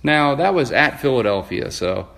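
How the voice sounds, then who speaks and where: A man's voice: mid-range voice, big pitch swings, moderate pace, gravelly, a bit bright. A middle-aged man hosting a podcast in casual chat, joking and playfully grumpy. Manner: joking, self-declared cranky sports fan. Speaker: podcast host.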